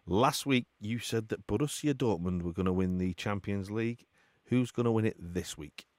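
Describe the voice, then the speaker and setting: A man's voice: fairly low pitch, normal speed, darkish tone, no echo. A man hosting a football radio show, presenting in a jokey way and laughing often with his guests. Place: radio studio.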